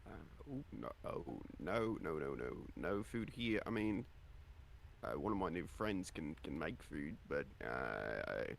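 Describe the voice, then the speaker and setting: A man's voice: a bass voice, big pitch swings, unhurried, vocal fry, slight background noise, exaggerated voice. A man voicing a tiny male adventurer who stammers nervously and pleads politely. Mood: flustered. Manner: flustered, stammering.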